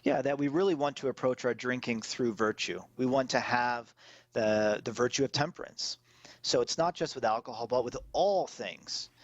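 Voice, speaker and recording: A man guesting on a radio show as an author, explaining his points calmly. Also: mid-range voice, moderate pace, dry recording, muffled recording. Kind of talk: radio interview.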